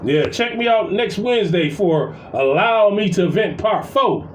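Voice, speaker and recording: A man vents to his viewers in a casual, animated way, swearing freely as he tells a story. His voice sits high and swings widely in pitch. The mic is some way off, so he sounds roomy, with a faint hum of background noise. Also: a little slow, far from the mic. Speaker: vlogger. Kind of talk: casual venting monologue. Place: at his workplace, indoors.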